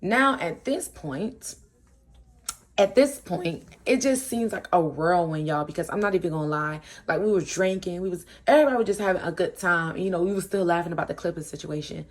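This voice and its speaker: A young woman telling a casual storytime, animated and full of slang, acting out what her friends said. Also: on the low side, a little fast.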